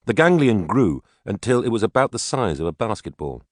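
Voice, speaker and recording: Deep-voiced male audiobook narrator. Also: big pitch swings, a little fast, no room sound, studio quality.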